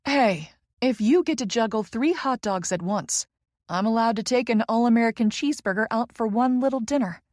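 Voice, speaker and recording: Brassy teasing gal pal, high and playful, woman reader doing the voice. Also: normal speed, a little mellow, no room sound, studio quality, lightly acted.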